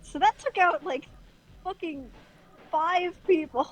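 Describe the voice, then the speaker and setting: A woman's voice: extremely high pitch, takes it slowly, no room sound, low-quality recording. A woman player in a tabletop game, rambling in casual chat and swearing freely.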